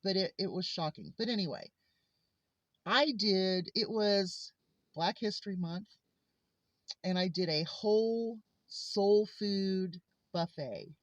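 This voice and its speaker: A woman's voice: mid-range voice, slow, no room sound. A woman vlogger telling personal stories in a heartfelt, earnest way. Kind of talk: casual personal monologue. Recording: slightly muffled lo-fi recording.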